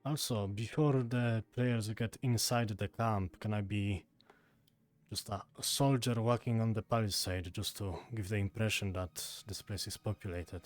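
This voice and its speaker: A man with a lowish voice chats as a player in a roleplay session. He reacts quickly and laughs easily. Faint music plays behind him. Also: steady tone. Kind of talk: casual chat.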